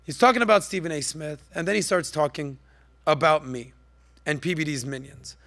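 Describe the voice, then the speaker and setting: A man hosting his podcast with a bright, forceful voice that sits a little high. He talks in a sarcastic, mocking way and leaps up in pitch whenever he lands a jab. He is quick and animated throughout. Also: dry recording. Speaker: podcast host. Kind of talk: mocking commentary.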